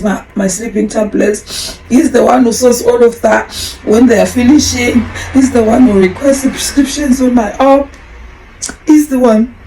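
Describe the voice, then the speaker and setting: A woman's voice: a little high, dark tone, a little hiss or hum, poor audio. A woman in her forties hosting a podcast, telling a personal story in a candid, emotional, rambling way with frequent restarts. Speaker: podcast host.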